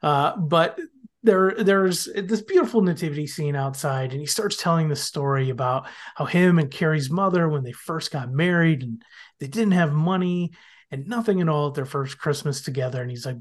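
A man on a podcast, retelling the plot in a casual, animated way and often slipping into characters' lines. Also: a little high, moderate pace. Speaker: podcast guest. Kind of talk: casual podcast episode recap.

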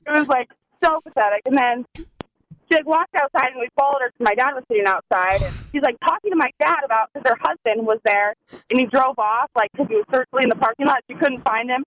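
A young woman telling a story in casual chat, excitable and full of "like"s. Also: sits high, fast talker, dry recording, rough recording. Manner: excitable, many "like"s.

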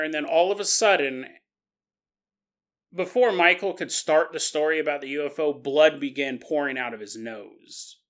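A man hosts a paranormal podcast and retells the story in a casual, animated way. His voice is bright and sits a little high. He keeps the narration lively and conversational. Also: normal speed. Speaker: podcast host.

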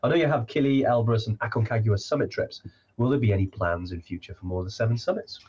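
A man's voice: mid-range voice, fast talker, darkish tone, highs cut off, slight background noise. A man hosting a casual live stream, chatting with many fillers and restarts.

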